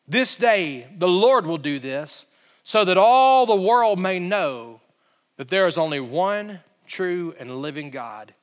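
A man's voice: high-pitched, animated, slow, big-room sound. A man voicing a young shepherd who makes a defiant, solemn declaration of faith. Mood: solemn defiance.

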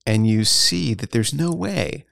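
A man, a pastor hosting a podcast, speaking in a measured, thoughtful way with pauses in a casual studio conversation. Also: mid-range voice, lively intonation, gravelly, a bit bright, dry recording.

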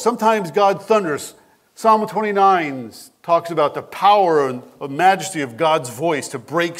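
A man preaching a sermon as pastor, with an expressive, animated delivery who asks his listeners questions directly. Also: fairly high pitch.

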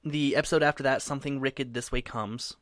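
A man's voice: mid-range voice, steady tone, fairly quick, a bit bright, dry recording, clean studio sound. A man in casual chat, retelling TV scenes and quoting characters.

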